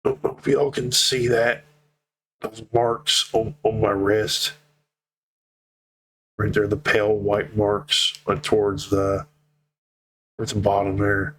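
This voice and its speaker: Emotional young man, low voice. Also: level tone, takes it slowly, long pauses, a bit bright, a little hiss or hum. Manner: emotional, heartfelt, casual and profane. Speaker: vlogger. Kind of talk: personal vlog update.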